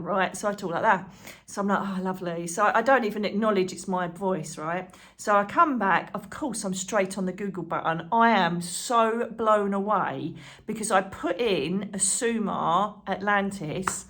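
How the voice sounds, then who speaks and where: A woman chatting to camera as a channel host, excitable and rambling, full of asides and fillers. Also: mid-range voice, moderate pace. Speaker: psychic medium and channel host. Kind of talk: casual chat to camera.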